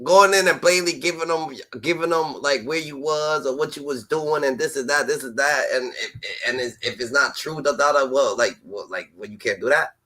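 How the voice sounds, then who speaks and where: A man hosting a stream, rambling in casual street talk with lots of fillers and sudden loud outbursts. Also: mid-range voice, fairly quick, hardly any pauses. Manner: rambling, animated, filler-heavy, slips into loud impressions. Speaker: stream host.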